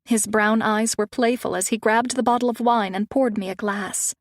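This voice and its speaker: A woman narrates a romance audiobook in first person. Her reading is measured and wistful. Her voice sits on the higher side, and the sound is dry and close, with no room echo. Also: steady tone.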